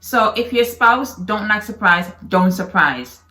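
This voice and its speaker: A woman's voice: medium pitch, lively intonation, unhurried, pushed and bright, echoey room. A woman chatting casually with her husband, playful and teasing, laughing often. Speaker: co-host.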